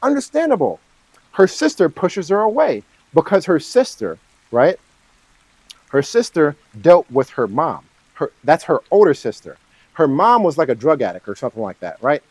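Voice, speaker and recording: A man's voice: a little high, normal speed, breathy edge, no echo, low-quality recording. A man talking casually on his own about a horror film, rambling and often checking in with "right?". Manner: animated, swings between eager and hushed. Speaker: channel host.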